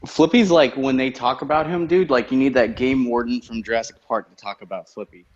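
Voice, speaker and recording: A man's voice: mid-range voice, fairly quick. A man talking casually in an online lobby, laid-back and chatty. His voice comes through a dull, lo-fi line that is muffled at the top end. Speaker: gamer in voice chat. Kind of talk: casual chat. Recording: dull lo-fi chat audio.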